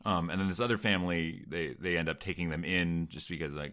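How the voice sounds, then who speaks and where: A man co-hosts a casual film review conversation, speaking loosely with frequent fillers and hedges. His voice is very deep. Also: brisk. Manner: relaxed, filler-heavy, hedging. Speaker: podcast co-host.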